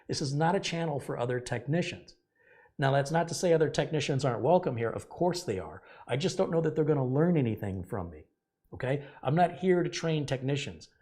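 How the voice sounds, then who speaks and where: A man's voice: mid-range voice, a little mellow. A middle-aged man hosting a computer repair tutorial, talking earnestly and rambling as he corrects himself. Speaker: tech channel host. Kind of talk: casual tech tutorial.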